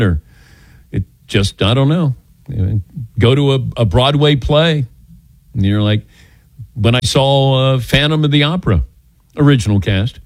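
An older man hosting a call-in radio show, telling stories with animated quoted voices. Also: medium pitch, no room sound. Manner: animated storyteller, acting out quotes.

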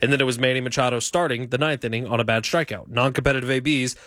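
A man's voice: medium pitch, fairly even intonation, fast talker, a bit bright, dry recording. A man hosting a sports radio show, talking emphatically and giving firm opinions from the studio. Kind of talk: sports talk radio banter. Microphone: studio microphone.

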